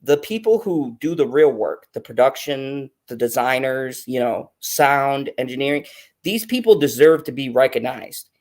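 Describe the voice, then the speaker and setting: A woman's voice: extremely low pitch, animated, normal speed, darkish tone. A woman guest on a fan talk show, ranting heatedly with constant swearing and frequent laughter. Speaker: guest commentator. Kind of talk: profane ranting commentary.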